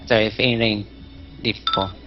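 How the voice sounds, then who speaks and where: A man's voice: on the low side, steady tone, moderate pace, music in the background. A man playing a tabletop game, casually describing his character's actions, on a muffled recording. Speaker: player. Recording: lo-fi voice chat with faint noise.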